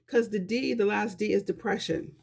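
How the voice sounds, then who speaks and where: A woman speaks straight to her viewers in a casual vlog. Her talk is earnest and conversational, and she gives life advice. Her voice has a gravelly edge of vocal fry. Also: medium pitch, normal speed, a little mellow. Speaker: vlogger giving life advice.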